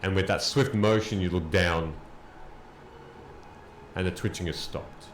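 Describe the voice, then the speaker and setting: A man running a tabletop game as game master, narrating calmly and slowly. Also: low-pitched. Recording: echoey room with faint noise.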